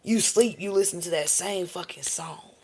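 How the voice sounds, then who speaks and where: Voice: medium pitch, moderate pace, a little mellow, slight background noise. A tarot reader doing a live-stream reading, talking in a casual, profane and rambling way and often checking in with viewers by asking "okay?" and "all right?".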